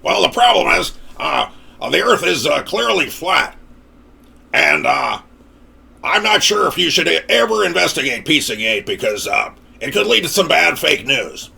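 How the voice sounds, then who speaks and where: A man putting on the voice of a paranoid, blustering male conspiracy talk-show host, with a raspy, gravelly sound. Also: a little high, big pitch swings, normal speed, bright, forceful tone, voice pushed up, exaggerated voice. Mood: mocking.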